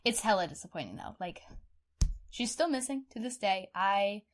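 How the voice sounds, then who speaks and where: A woman co-hosting a true-crime podcast in casual chat, animated and outspoken, swearing freely. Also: mid-range voice, normal speed. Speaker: podcast co-host.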